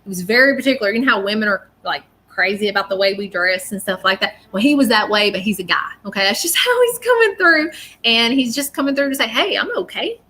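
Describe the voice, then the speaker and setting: A woman's voice: mid-range voice, animated, fast talker, bright, forceful tone. A woman gives a live-stream psychic reading, chatty and often checking in with "okay?". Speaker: psychic medium.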